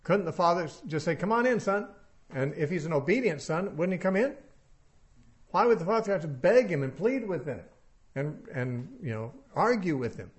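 A man with a slightly higher-than-usual pitch gives a verse-by-verse Bible teaching. He reasons aloud in a conversational way. He keeps putting rhetorical questions to his listeners. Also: animated, moderate pace.

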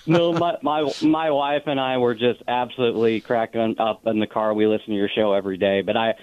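A man's voice: fairly low pitch, steady tone, fairly quick, no echo. Man calling in over a tinny phone line. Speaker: caller. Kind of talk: call-in radio question. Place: in a car.

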